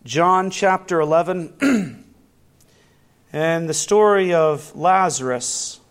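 A man preaching a communion sermon, reading scripture slowly and building to fervent emphasis. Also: a little high. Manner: deliberate, measured delivery with long pauses.

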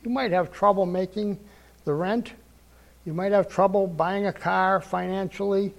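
A man's voice: high-pitched, fairly even intonation, measured pace, vocal fry. An older man giving a sermon testimony, telling his story earnestly and acting out the dialogue he quotes.

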